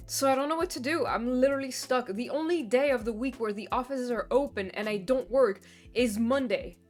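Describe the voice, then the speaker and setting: A woman's voice: on the high side, brisk. A young woman streamer in casual chat, venting in long rambling runs full of fillers and swearing. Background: faint background music.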